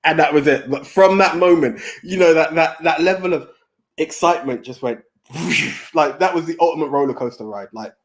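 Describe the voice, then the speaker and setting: A young man chatting casually on a film podcast, relaxed and often chuckling as he repeats himself. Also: a little high, moderate pace. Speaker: podcast co-host.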